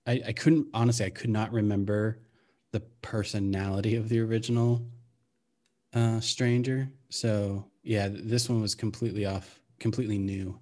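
A man's voice: lowish voice, steady tone, moderate pace, warm tone. A man who is a guest player, talking casually with frequent restarts and hesitation. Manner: hesitant, restarts often, laughs along. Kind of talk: casual chat.

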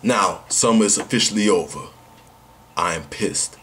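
A man's voice: low voice, moderate pace, fairly bright tone, slightly rough. A man talking to camera in a casual vlog, brash and slangy, repeating rhetorical questions. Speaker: vlogger.

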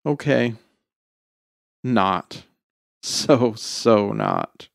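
A man voicing an anxious, withdrawn teenage boy who speaks quietly and hesitantly, reading a story. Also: fairly low pitch, extremely slow, vocal fry, no room sound, studio quality, full character voice. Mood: subdued. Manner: subdued, hesitant.

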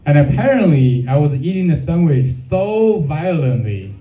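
A male comedian works through a crude stand-up set on a club stage and keeps teasing the crowd. His voice is raised but dark. It sounds roomy, as if the mic sits back from him. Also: on the high side, sing-song, a little slow. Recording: echoey room, mic off at a distance.

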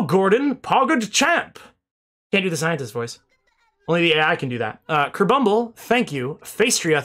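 Animated, bright-voiced male streamer. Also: fairly high pitch. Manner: rambling, reads out names, swears casually. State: out of breath. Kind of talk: end-of-stream thank-yous to chat.

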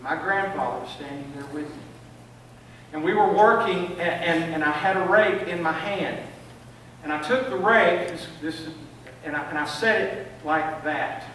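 Older pastor preaching, high-ish voice, lots of church echo, mic kinda far off. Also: male voice, a little slow, a bit bright, slight background noise. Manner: storytelling, repeats words when building up. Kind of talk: sermon. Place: church sanctuary.

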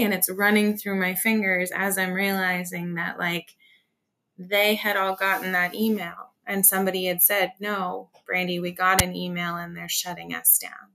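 A woman's voice: lowish voice, little pitch movement, moderate pace, a bit bright. A woman union organizer on a video-call interview, telling her story in an earnest, emotional way with many fillers and restarts.

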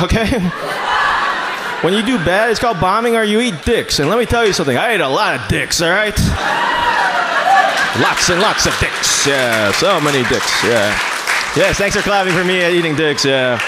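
A man doing a stand-up comedy set in a small club, deadpan and self-mocking, shouting out his punchlines now and then. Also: high-pitched. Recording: noisy comedy club ambience.

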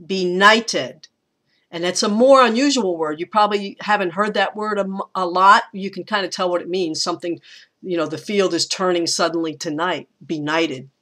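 A woman's voice: lowish voice, fairly bright tone. Thoughtful woman lecturing on poetry. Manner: thoughtful, unhurried, with frequent fillers and restarts. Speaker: teacher.

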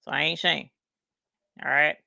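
A woman's voice: deep voice, steady tone, moderate pace, creaky, pushed and bright, dry recording. A woman with a Southern US country accent, chatting folksily while hosting a craft livestream. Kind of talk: casual livestream chat.

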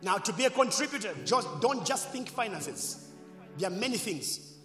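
A man preaching a sermon as pastor, leading call-and-response and swinging between loud shouts and quiet asides. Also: high-pitched, lively intonation, moderate pace, soft background music. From Zambia. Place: church hall. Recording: echoey church hall.

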